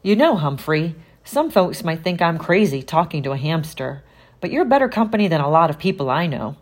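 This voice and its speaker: A woman voicing a jolly, friendly male night janitor with a hearty, booming manner. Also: big pitch swings, fairly quick. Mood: warm.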